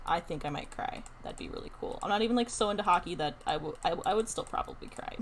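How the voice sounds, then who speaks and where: A young woman streaming a building game, chatting casually and thinking aloud in an excited, talkative way. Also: on the low side, quick pace, few pauses, slight background noise. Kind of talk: casual live-stream chat while playing a building game.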